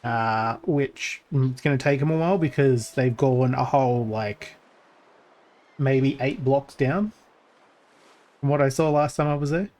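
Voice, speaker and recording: A man's voice: measured pace, a little mellow. A man casually narrating his gameplay as a streamer, thinking aloud with lots of fillers and restarts. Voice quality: voice gets crackly when pushed deep.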